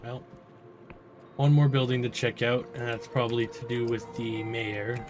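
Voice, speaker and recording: A man's voice: medium pitch, fairly even intonation, normal speed, music in the background. Man muttering game commentary. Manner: quiet, muttered asides to himself. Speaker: gamer playing through a game. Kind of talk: casual let's-play commentary.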